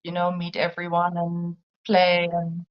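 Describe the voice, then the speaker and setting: A woman's voice: fairly low pitch, completely flat delivery, a little slow, highs cut off. A woman with a Dutch accent, a guest musician answering interview questions enthusiastically.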